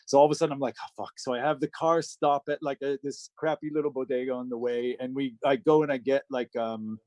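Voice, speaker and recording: A man's voice: medium pitch, steady tone, quick pace, a little mellow, dry recording. A middle-aged man, a record producer, telling a personal story in a casual, profane way, close to tears. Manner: casual and profane, with many fillers. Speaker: guest record producer and engineer.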